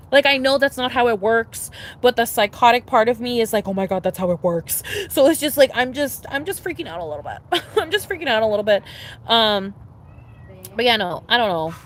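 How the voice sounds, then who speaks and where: A young woman chatting casually on a livestream, rambling with lots of fillers and restarts, swearing freely and getting excitable. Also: a little high, slight background noise. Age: young adult. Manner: animated, laughing and excitable. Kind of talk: casual chat to a live audience.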